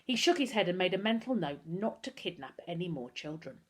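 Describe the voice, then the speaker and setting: A woman, a teacher, reading a children's book aloud with expressive storytelling. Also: fairly low pitch, fairly quick, slightly rough.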